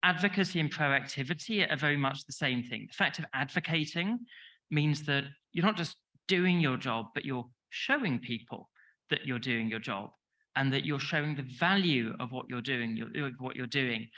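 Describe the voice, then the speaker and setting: A man's voice: medium pitch, animated, normal speed, pushed and bright, low-quality recording. A man with a London accent gives a chatty, self-deprecating conference talk, short on sleep and full of restarts. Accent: London English. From England. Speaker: conference speaker. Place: conference hall.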